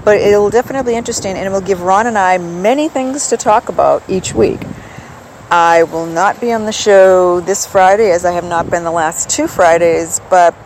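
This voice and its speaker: Chatty wry woman, lowish voice. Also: moderate pace, darkish tone, slight background noise, low-quality recording. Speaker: podcast host. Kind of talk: casual solo podcast chat.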